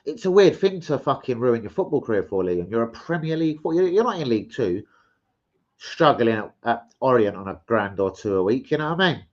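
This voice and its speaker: Hosting a football fan channel's casual livestream, a man rambles, swears, chats with viewers, and reads out transfer gossip. His voice is mid-range with big swings in pitch, he speaks briskly, and the sound is lo-fi.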